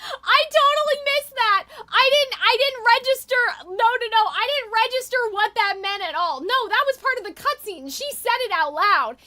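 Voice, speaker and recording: A woman's voice: very high-pitched, expressive, moderate pace, hardly any pauses, sharp tone. A young woman streamer reacting emotionally to a game, gushing with lots of fillers. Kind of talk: casual live reaction commentary. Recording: game audio playing behind.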